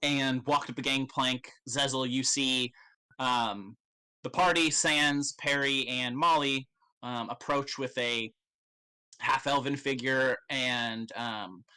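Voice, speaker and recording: A man runs a tabletop role-playing game in a bright, easygoing voice. He narrates casually and rambles, with plenty of filler and swearing. He laughs often as he talks. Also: medium pitch, steady tone, takes it slowly, smooth. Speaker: game master.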